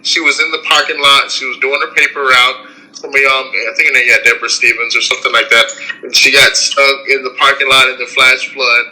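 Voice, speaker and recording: A man's voice: mid-range voice, flat delivery, a little fast, sharp tone, low-quality recording. A man hosting a podcast, commenting in a rambling, indignant way, full of fillers. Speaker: podcast host. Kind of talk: casual commentary.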